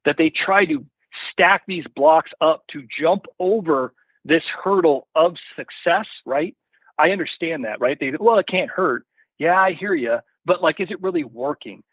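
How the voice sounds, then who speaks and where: A slightly high-voiced man rambles through a story as a podcast guest, leaning on fillers and "you follow?". His voice comes through a tinny phone line. The sound is dry and close. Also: slightly rough, no echo. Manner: rambling, full of "you know" and "right?" tags. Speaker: podcast guest from a hunting gear company. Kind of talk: casual storytelling in an interview.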